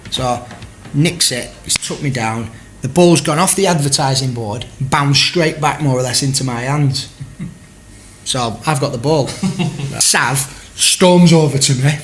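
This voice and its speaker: A Welsh man, a former footballer, telling an animated, chuckling story in casual podcast talk and acting out both sides of an argument. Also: medium pitch, normal speed, faint music behind.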